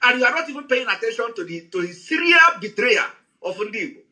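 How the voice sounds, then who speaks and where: Casting: high-pitched man, sharp and forceful, heated scolding speech. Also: very animated, quick pace, rough recording. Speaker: speaker on an audio space. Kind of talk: heated address.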